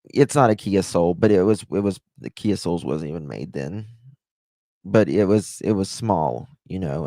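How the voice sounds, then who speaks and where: A man's voice: low voice, warm tone, no echo. A man from the United States hosting a livestream, rambling chattily as he thanks viewers and tells stories. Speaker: livestream host.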